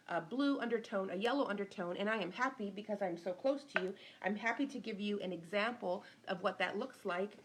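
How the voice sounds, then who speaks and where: A woman's voice: medium pitch, gravelly, slight background noise. A middle-aged woman, an interior designer, giving a casual live-stream lesson, chatting and greeting viewers by name as she goes.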